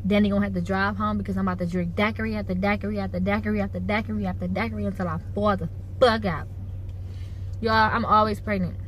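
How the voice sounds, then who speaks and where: A woman in her twenties chatting playfully and loudly to viewers from a car. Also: mid-range voice, steady tone, fast talker, slight background noise, rough recording. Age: 20s. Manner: loud, playful, talks straight to viewers. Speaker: vlogger, mother. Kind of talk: casual car vlog chat. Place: in a car at a gas station.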